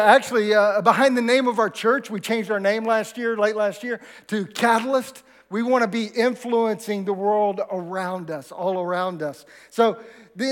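A man's voice: high-pitched, in a large hall. A man preaching a sermon as pastor of his church, talking conversationally and asking the congregation questions. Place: church sanctuary.

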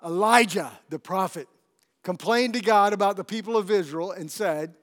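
A man with a high-pitched voice preaches a sermon. He tells the story with animated energy and turns to ask his congregation questions. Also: normal speed. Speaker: pastor.

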